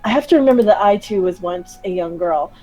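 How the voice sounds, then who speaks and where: A woman's voice: on the low side, animated, fairly quick, mellow, faint music behind, poor audio. A woman hosting a gaming video, reading visual novel narration aloud with giggly, joking asides. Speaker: gaming channel host.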